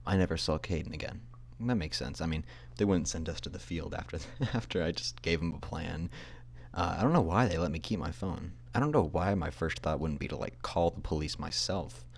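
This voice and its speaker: A man's voice: sits low, brisk, gravelly. A young man hosting a podcast, telling a long personal story in a rambling, self-deprecating way and often laughing at himself. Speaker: podcast host. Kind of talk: casual storytelling.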